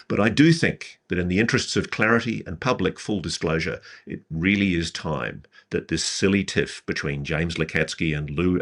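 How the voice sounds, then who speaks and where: Low-voiced man, bright tone. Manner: measured, hedging, blunt at times. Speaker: interview guest. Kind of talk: speculative interview commentary.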